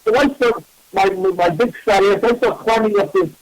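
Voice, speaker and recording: A man, a psychic medium hosting a radio show, telling a story in a casual, animated and self-mocking way. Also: high voice, normal speed, no echo, rough recording.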